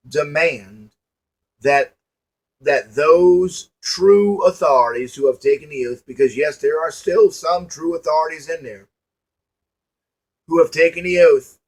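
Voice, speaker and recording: In an unhurried voice on the high side, an online commentator offers his viewers a preachy motivational monologue. It's folksy and emphatic, built on repetition and rhetorical questions.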